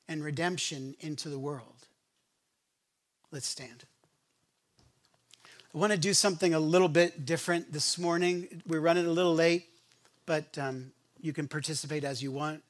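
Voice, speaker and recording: A male pastor delivers his sermon like he's telling a story to friends. His voice sits a little on the high side, and he often repeats or restarts a word as he goes. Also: fairly even intonation, moderate pace, long pauses. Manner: storytelling, conversational with many restarts. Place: church sanctuary.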